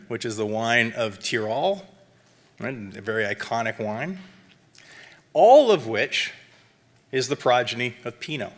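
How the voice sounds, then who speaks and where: A man presenting a wine seminar, talking in a chatty lecture style full of fillers and quick "right?" check-ins. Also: mid-range voice, bright, forceful tone. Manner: chatty, lots of um and tag questions; self-described academic.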